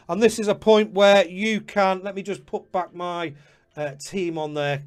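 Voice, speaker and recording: Guy hosting a live stream, high voice, chatty, calls out viewers by name. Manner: chatty, addresses viewers by name, apologetic asides. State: slightly out of breath. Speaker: host. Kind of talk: live-stream fantasy football chat.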